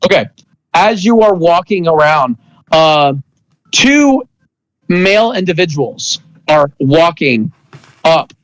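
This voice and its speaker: A man's voice: fairly high pitch, animated, slow pace, pauses often, no room sound, low-quality recording. A young man narrating as game master in a rambling way, full of "like" and restarts. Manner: rambling, many fillers and restarts.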